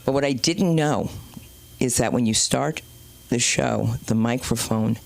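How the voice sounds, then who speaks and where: A woman comedian hosting an open mic night, telling a rambling stand-up story with swearing and sudden loud and low turns. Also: a little slow, gravelly. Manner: animated, swearing, jumps between loud and low. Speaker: comedian and show host. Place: small comedy club stage.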